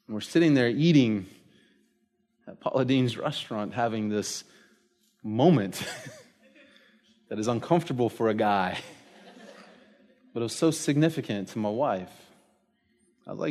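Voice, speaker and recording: A middle-aged man, preaching a sermon in an animated, storytelling way. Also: on the low side. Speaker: pastor.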